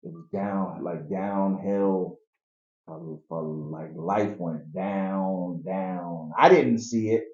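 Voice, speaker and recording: A man telling his life story in a casual interview, animated and acting out the people in it. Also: low-pitched, drawn-out words. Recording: echoey, dull room recording.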